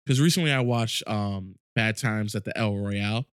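A man co-hosting a podcast in casual chat, telling stories in animated, excited bursts. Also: fairly low pitch, normal speed, no echo, studio quality. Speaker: podcast co-host.

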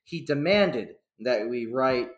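Lively young man, echoey room. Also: mid-range voice, slow, a crowd in the background. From New York. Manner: rambling storyteller, swears freely. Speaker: podcast host. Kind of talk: casual podcast chat.

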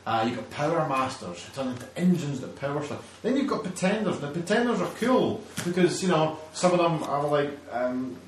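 A man holds forth in an animated, sweary rant as podcast host. His voice sits a little high, and it comes from a distance in a very echoey room. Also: brisk, hardly any pauses, a little hiss or hum. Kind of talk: casual ranting chat.

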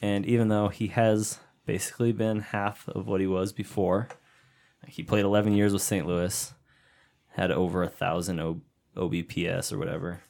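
A man's voice: low voice, normal speed, creaky. A man co-hosting a casual sports podcast, swearing often and joking around. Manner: swears often, jokey and animated. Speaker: podcast co-host.

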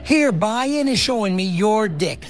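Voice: mid-range voice, animated, unhurried, faint music behind, natural voice. A woman voicing a crude, boastful Southern street racer with a put-on Southern US drawl. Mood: taunting. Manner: brash, taunting, drawling.

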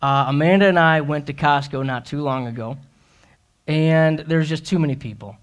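Earnest male pastor, high voice, preaching in church. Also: normal speed, clear, resonant tone. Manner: earnest, self-deprecating storytelling. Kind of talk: sermon. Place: church sanctuary.

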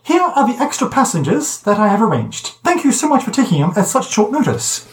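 Brief: fussy, formal droid, raised pitch, put on by a male game master, roomy echo. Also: big pitch swings, a little fast. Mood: prim. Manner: formal, oblivious, overly polite.

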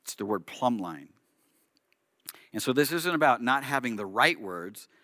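A male rabbi preaches a sermon, explaining as he tells the story and acting out its quotes. His voice is forceful and tense. The sound is close and dry. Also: medium pitch, expressive, measured pace, no room sound.

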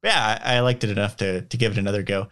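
A man's voice: lowish voice, steady tone, quick pace, fairly bright tone. A man co-hosting a podcast in casual chat, talking hesitantly with frequent restarts. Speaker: podcast co-host.

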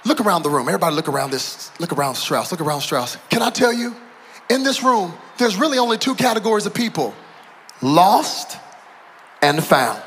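A middle-aged male pastor preaching a sermon to a church audience, moving between quiet storytelling and shouted, emphatic preaching. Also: sits high, big pitch swings, fairly quick, a little hiss or hum. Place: church auditorium.

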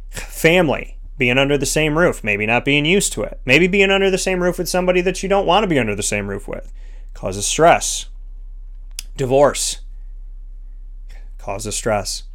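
An earnest man delivers a motivational self-help talk. He builds his points through repeated, emphatic lists. His pitch sits at an ordinary middle for a man. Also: fairly bright tone. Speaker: host of a sponsored motivational segment.

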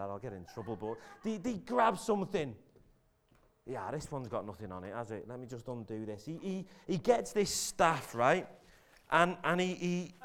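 A man giving a chatty, jokey sermon in a church, telling the story with many restarts. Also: on the high side. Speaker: preacher. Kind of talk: casual sermon.

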